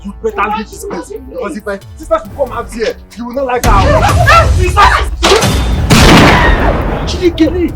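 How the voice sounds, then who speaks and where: An actress with a Nigerian accent playing an anxious younger sister who pleads urgently. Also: female voice, high voice, huge pitch swings, normal speed. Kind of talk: film acting. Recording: loud music in background.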